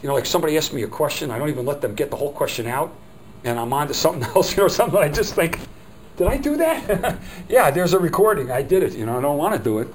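A man's voice: a little high, expressive, racing, slight background noise, low-quality recording. Chatty middle-aged man teaching a workshop. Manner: rambling, chatty, acts out quotes. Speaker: phone skills trainer.

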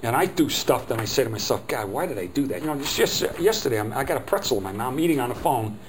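A man's voice: medium pitch, animated, fast talker, rough recording. Middle-aged man, mid-range voice, rambling workshop trainer, light hum behind. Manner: rambling, chatty, acts out quotes. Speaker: phone skills trainer. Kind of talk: workshop teaching.

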